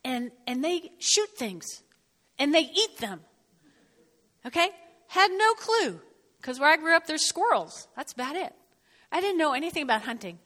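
A middle-aged woman from North Jersey with a New Jersey accent, giving an animated sermon and often checking in with her listeners. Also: high voice, normal speed, long pauses, in a large hall. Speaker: speaker. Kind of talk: sermon with personal storytelling.

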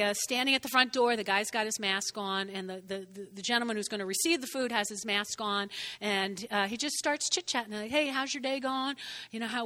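An older woman preaching a sermon in an animated way, often checking in with "okay?" and "all right?". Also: on the high side. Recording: reverberant hall.

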